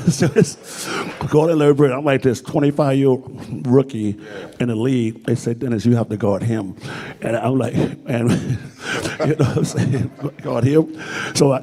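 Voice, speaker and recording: Husky, mellow-voiced former player. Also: male voice, mid-range voice. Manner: laid-back, chuckling. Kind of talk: anecdotal interview.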